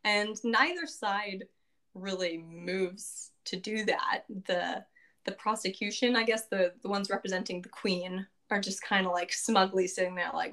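A woman casually recapping a tabletop game session, chatty and quick to laugh, acting out quotes in a lifted voice. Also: steady tone, a bit bright. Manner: chatty, laughs often, acts out quotes in a higher voice.

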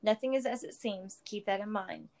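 A woman voicing an emotional, loving hobbit father who speaks loud and firm. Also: mid-range voice, normal speed, gravelly, natural voice. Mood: commanding. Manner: loud, firm, then tearful and joyful.

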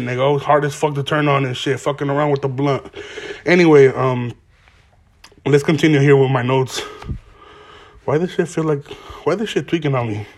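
A young man talks through his solo podcast from home in a loose, rambling way, heavy on profane slang. He is stoned and smoking as he goes, and his voice sits slightly higher than most men's. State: stoned, smoking while talking. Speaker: podcast host. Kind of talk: casual solo podcast rant. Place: home, garage.

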